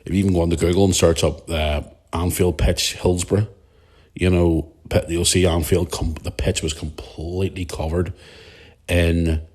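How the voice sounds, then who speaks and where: A man's voice: deep voice, flat delivery, normal speed, a little mellow, husky. A man, hosting a podcast in a rambling, emotional monologue that swears freely. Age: 40s. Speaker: podcast host. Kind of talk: casual monologue.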